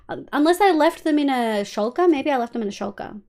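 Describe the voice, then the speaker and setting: Lively Australian woman streamer. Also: sits high, fast talker. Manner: chatty, swears casually, thinks aloud while playing. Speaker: live streamer. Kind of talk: casual gameplay chat answering viewers.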